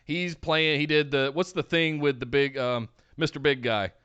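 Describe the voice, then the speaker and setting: A man's voice: fairly high pitch, steady tone, moderate pace, fairly bright tone, clean tone, no echo, muffled recording. A man co-hosting a casual wrestling podcast, rambling and good-humored. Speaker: podcast co-host. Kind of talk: casual wrestling recap chat.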